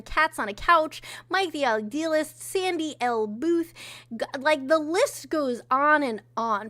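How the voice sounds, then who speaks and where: A woman co-hosting a relaxed live stream, chatting loosely and swearing freely. Her voice is bright and sits a little high, and she reads out viewer messages along the way. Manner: profane, offhand, reads out chat messages. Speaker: co-host. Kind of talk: casual livestream chat.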